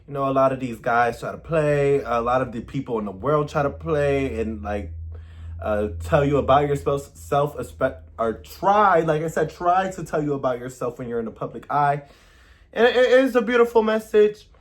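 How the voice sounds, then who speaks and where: A man's voice: medium pitch, moderate pace. A man hosting a music reaction video, talking casually and expressively with playful emphasis.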